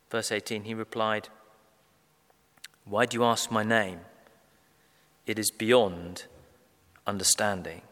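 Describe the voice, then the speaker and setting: A man preaching a sermon, measured and emphatic, slowing down to stress key phrases. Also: lowish voice, bright, forceful tone. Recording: long reverb of a large hall.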